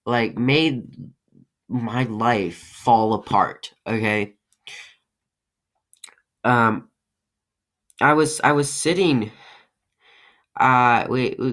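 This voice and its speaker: A man's voice: mid-range voice, pushed and bright. A man talks through a personal story for his podcast, circling back on himself with frequent fillers and false starts. His voice sits in an ordinary middle register and he tells the story in a loose, casual way. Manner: rambling, halting, many fillers and restarts. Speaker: podcast host.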